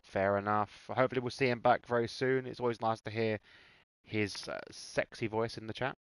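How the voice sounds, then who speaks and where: A man's voice: fairly low pitch, fairly even intonation, moderate pace, gravelly, clean tone, dry recording. Man commentating in a put-on Irish accent. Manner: banter-heavy, sweary, teasing drivers. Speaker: league race commentator. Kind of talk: casual sim racing commentary.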